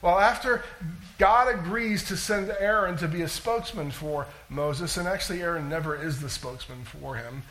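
A male pastor preaches in a notably high voice. His delivery is animated and conversational, and he keeps putting questions to his listeners. It sounds like a sermon to a congregation. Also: moderate pace, low-quality recording.

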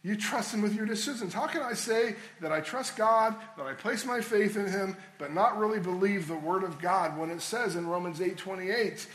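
A man's voice: high-pitched, normal speed, few pauses, fairly bright tone, roomy sound, poor audio. A man preaching a sermon as a pastor, earnest and conversational, repeating key phrases for emphasis.

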